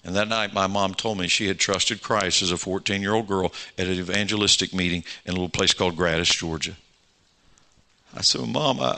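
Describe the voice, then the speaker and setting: A man's voice: low-pitched, fairly quick, sharp tone. A pastor in his sixties, preaching a sermon and telling stories with acted-out dialogue, building to fervent exhortation.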